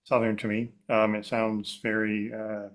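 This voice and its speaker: A man's voice: lowish voice, monotone, unhurried. A man hosting a conversational interview who asks long, rambling questions with frequent restarts. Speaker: podcast host.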